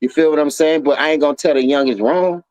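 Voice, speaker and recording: A man's voice: on the high side, fast, a little mellow, dry recording. A man hosting a casual basketball talk stream, telling loose, profane stories full of slang. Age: adult, calls himself an OG. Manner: loose, profane storytelling with slang and repeated "you feel me". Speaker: livestream basketball talk host. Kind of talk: casual sports debate chat.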